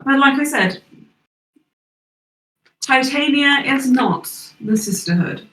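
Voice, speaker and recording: A woman's voice: on the high side, fairly bright tone. Lady doing a gushy fey granny, darling this darling that, roomy far-off mic. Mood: gracious. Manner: gushing, calls everyone darling. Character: doting fey grandmother, gracious and affectionate.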